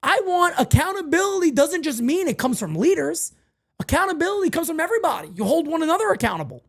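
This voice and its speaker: Male sports-talk host with a high, lively voice. Emphatic and repetitive, with wide swings in pitch. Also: quick pace, vocal fry. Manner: animated and emphatic, repeats phrases. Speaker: podcast host.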